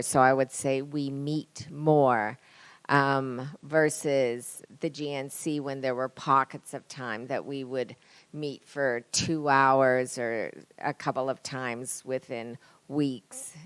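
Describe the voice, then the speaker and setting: A woman panelist answering audience questions in a measured, thoughtful way. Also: very deep voice, clean tone, no echo.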